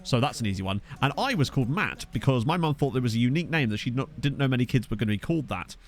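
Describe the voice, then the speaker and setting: A man's voice: mid-range voice, animated, very fast. A young man chatting casually while streaming a game, joking about viewers' names and reading the chat. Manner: jokey, riffing on viewers' names.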